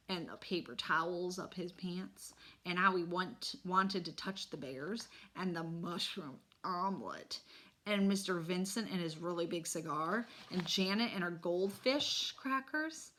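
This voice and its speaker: A woman reading a children's novel aloud in an expressive, animated storytelling manner. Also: lowish voice, unhurried. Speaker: reader.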